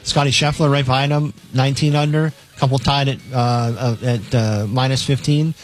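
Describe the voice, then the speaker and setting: A man's voice: mid-range voice, steady tone, moderate pace. A man on a radio show reading out betting lines in a matter-of-fact way, with many fillers.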